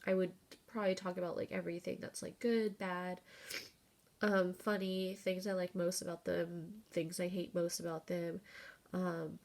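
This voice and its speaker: A woman in her thirties shares her life in a casual personal vlog, her fairly low voice carrying a gravelly rasp. She rambles candidly, full of fillers and the odd curse, and sounds tearful and close to crying. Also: level tone, normal speed, darkish tone. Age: 30s. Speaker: vlogger.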